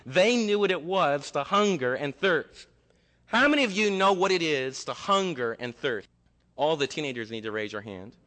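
Storytelling preacher man in a reverberant hall. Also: on the high side. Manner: storytelling preacher, lively and conversational. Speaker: pastor. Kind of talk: sermon.

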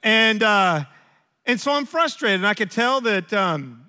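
A man in his forties preaches with a high, bright, forceful voice. He talks in a relaxed, conversational way and makes fun of his own failings. A long reverb from the church hall hangs on every phrase. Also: a little slow, clean tone. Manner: conversational, self-deprecating storytelling. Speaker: pastor. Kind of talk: sermon.

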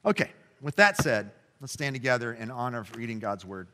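A man's voice: medium pitch, sing-song, brisk, pushed and bright. A man in his forties preaching as a pastor in a church, passionate and conversational, with frequent fillers and restarts. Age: 40s. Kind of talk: sermon. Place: church sanctuary. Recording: long reverb in a church hall.

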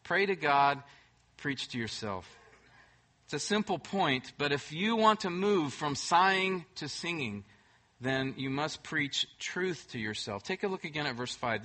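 A man preaching a sermon as pastor, emphatic, swinging between loud bursts and soft, hushed moments. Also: fairly high pitch.

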